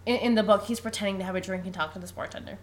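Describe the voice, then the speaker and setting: A woman's voice: mid-range voice, very fast. A young woman co-hosting a podcast, recapping a film in casual chat and acting out the characters' lines. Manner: animated, laughs often, acts out lines. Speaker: podcast co-host.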